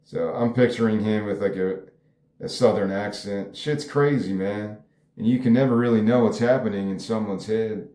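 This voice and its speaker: Low, mellow man musing in an echoey room. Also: moderate pace. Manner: rambling, musing aloud with frequent hedges. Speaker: screenwriter discussing his script. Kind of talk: casual solo commentary.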